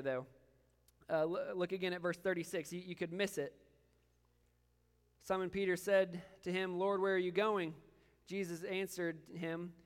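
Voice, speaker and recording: An earnest male pastor delivers a sermon in a high, smooth and resonant voice. He often repeats words as he presses a point. His voice carries a long reverb, as in a church hall.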